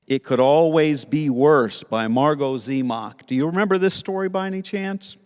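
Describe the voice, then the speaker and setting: A man teaching Sunday school to kids, telling a story in a playful, animated way. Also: mid-range voice, long reverb tail. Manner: playful, animated storytelling with put-on character voices.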